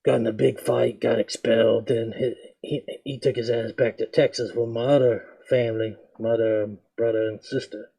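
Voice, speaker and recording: Young male vlogger, laid-back slangy storyteller with a mellow, darker voice, mid pitch, acts out the lines he quotes. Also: flat delivery, normal speed, creaky, few pauses, breathy edge. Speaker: reaction video host. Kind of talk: casual storytelling.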